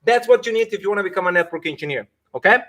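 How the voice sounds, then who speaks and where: A career coach talks through a live stream with a fairly high voice. He is emphatic and laughs often, and he acts out mock quotes of the people he argues against. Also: lively intonation, racing, a bit bright, slight background noise.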